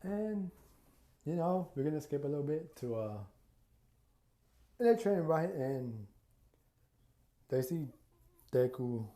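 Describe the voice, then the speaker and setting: A man's voice: fairly high pitch, big pitch swings, slow pace, pauses often, mellow, roomy sound. A man casually retelling a fan story, rambling with lots of fillers and acting out the quotes. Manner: rambling, full of "you know" and "like", acts out quotes.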